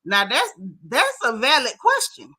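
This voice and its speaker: This gossip stream host has a high, slightly rough voice and speaks a little slowly. She reads comments in a casual, animated live chat, talking straight to viewers with "y'all," "baby," and "honey."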